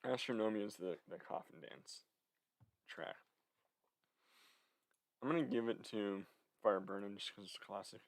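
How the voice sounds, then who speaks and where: A man's voice: lowish voice, a little slow, vocal fry, pauses often. A young man chatting casually to camera, rambling with many fillers and slightly out of breath. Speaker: vlogger. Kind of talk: casual chat.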